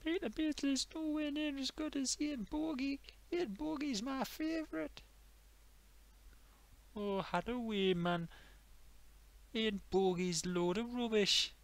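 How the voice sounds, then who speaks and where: A man putting on whiny, high voices of young football-mad lads. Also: takes it slowly, creaky, pauses often, exaggerated voice, poor audio. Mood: bickering.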